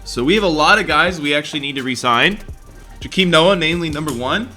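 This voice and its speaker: A young man talks through his basketball video game run, jumping between hype and frustration. His voice sits a bit high with a bright, forward edge. Soft music plays faintly underneath. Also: animated, fairly quick. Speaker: gaming YouTuber.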